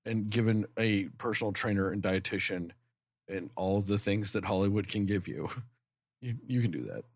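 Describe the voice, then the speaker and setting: A woman's voice: a bass voice, normal speed, a little mellow, dry recording, clean studio sound. A woman co-hosting a movie podcast, chatting casually in a blunt, jokey way and swearing freely. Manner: jokey, blunt, swears, does silly voices. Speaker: podcast co-host.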